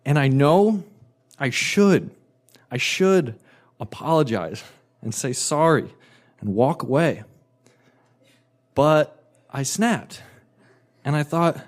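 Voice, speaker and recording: A man telling a personal story in an animated, emphatic and self-mocking way. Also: on the high side, moderate pace.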